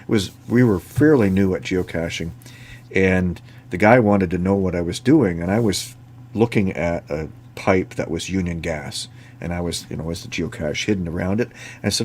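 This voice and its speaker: A man's voice: sits low, lively intonation, brisk, darkish tone. A man from Ontario hosting a casual chat, telling rambling stories and acting out the dialogue. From Ontario, Canada. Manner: rambling anecdotes with laughs and acted-out dialogue. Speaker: host.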